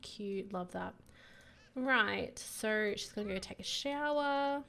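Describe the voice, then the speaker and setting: A young woman with a croaky voice giving bubbly, giggly casual commentary on her life-sim gameplay. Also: medium pitch, slow, a bit bright. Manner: bubbly and giggly, gushing over her characters. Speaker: gaming YouTuber.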